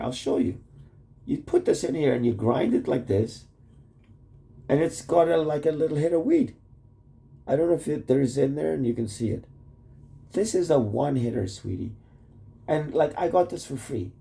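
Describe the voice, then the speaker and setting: Rambling, profane man with a mellow voice. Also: medium pitch, gravelly. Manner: rambling, profane, full of "like" and restarts. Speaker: vlogger addressing his wife. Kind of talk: rambling casual video message.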